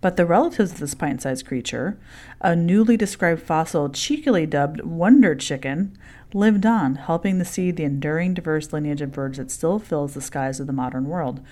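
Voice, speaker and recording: A woman co-hosting a podcast in casual, relaxed chat, often soft-spoken. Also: deep voice, normal speed. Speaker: podcast co-host.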